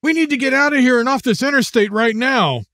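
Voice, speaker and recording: A man's voice: very high voice, brisk, pushed and bright, no room sound, studio quality, voice pushed up. A man voicing an anxious young man on the run, tense and urgent.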